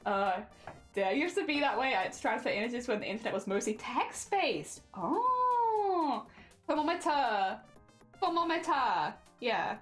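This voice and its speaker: Lively high-voiced woman streamer. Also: normal speed, soft background music. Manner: chatty, giggly, reading chat aloud. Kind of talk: casual livestream chat.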